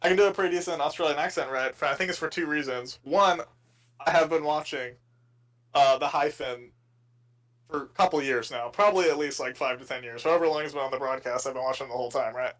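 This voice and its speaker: Podcast co-host, a man with a higher voice; relaxed joking banter and rambling anecdotes. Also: fast talker, rough recording. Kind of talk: casual sports chat.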